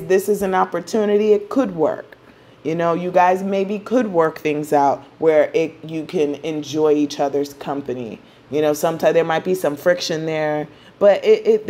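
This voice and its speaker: A woman with a lowish voice explains astrology in a relaxed, playful manner, checking in with listeners as she goes. Her delivery is chatty and casual. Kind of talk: casual teaching.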